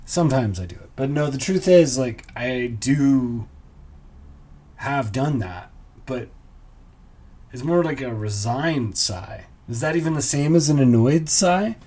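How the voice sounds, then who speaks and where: A man's voice: mid-range voice, animated, measured pace, dark tone. A man hosting a solo comedy podcast, musing in a dry, self-mocking way with muttered asides. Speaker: podcast host.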